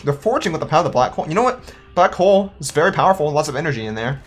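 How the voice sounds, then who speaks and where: Rambling young gamer with a lively voice. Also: mid-range voice, husky. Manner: thinks aloud, rambling and self-questioning; playful, quick to laugh. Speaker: let's-play gamer. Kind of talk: casual gameplay commentary.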